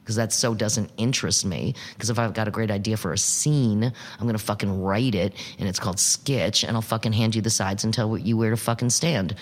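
A man talking about improv in an interview, emphatic and animated, swearing freely. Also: fairly low pitch, fairly quick, few pauses. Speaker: improv performer and teacher. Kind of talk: casual interview talk. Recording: long reverb.

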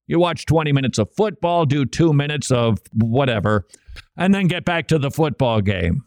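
Sarcastic man from Minnesota, radio host, lively pitch, dry close mic. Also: normal speed, no room sound. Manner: animated, sarcastic, laughs often. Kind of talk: opinionated commentary.

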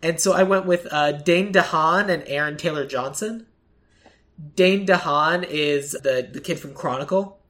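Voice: medium pitch, a little slow, fairly bright tone. A podcast co-host in casual chat, rambling with lots of fillers and acting out quoted lines.

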